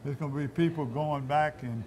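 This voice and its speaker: A man's voice: on the high side, normal speed, darkish tone. A man hosting a hunting and food show, chatting in a folksy, rambling way inside a meat shop. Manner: folksy, rambling, repeats himself. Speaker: host. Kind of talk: casual outdoors-show chat.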